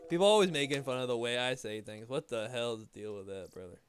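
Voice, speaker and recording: A man's voice: medium pitch, fast talker, soft background music. A young man streaming a game, chatting casually in a rambling, laid-back way with lots of swearing and filler words. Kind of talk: casual chat while gaming.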